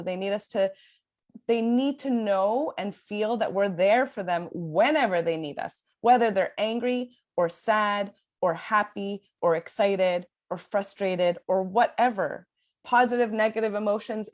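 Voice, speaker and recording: Young adult woman coach, mid-pitched, earnest and flowing, quick to laugh. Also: a little mellow. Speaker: parenting sleep coach guest. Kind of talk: podcast conversation.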